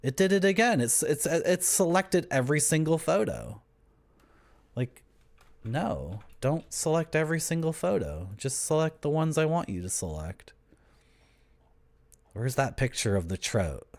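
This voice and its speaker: A man's voice: fairly high pitch, very animated, unhurried. A young man, live-streaming and bantering with his chat in a joking, teasing, rambling way. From Canada.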